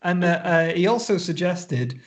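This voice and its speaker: A man's voice: high voice, animated, measured pace. A man co-hosting a casual basketball podcast, rambling and restarting, often breaking into laughs. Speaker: podcast co-host. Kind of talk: casual chat.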